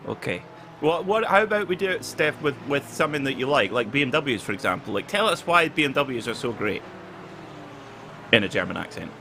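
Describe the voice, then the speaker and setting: A man's voice: medium pitch, big pitch swings, a little fast, pushed and bright. A man hosting and commentating a sim race, playful and teasing his co-hosts. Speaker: commentator and show host. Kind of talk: live sim racing commentary. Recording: background noise under commentary.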